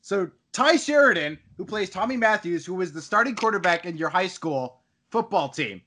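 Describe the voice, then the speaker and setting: A man's voice: sits high, expressive, normal speed, pushed and bright. A man in casual chat, animatedly retelling a video game story and laughing as he goes.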